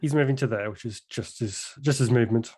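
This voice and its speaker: Measured man narrating his character. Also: mid-range voice, darkish tone, breathy edge. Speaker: player.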